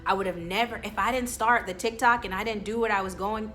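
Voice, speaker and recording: A young woman talking straight to her followers in a casual motivational vlog. Her voice is bright and forward, and her storytelling is chatty and animated, full of casual slang. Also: mid-range voice, fast talker, faint music behind. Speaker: vlogger.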